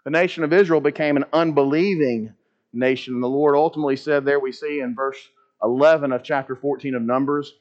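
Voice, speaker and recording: A man's voice: medium pitch, steady tone, brisk, highs cut off. A man teaching a church Bible lesson, earnest and explanatory, asking his class rhetorical questions.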